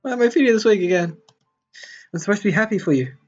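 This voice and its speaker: Male performer doing a high, tearful girl's voice for a game reading; slightly dull audio, music low behind. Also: lively intonation, fairly quick. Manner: high, wavering, near tears. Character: cheerful young girl, fragile and tearful.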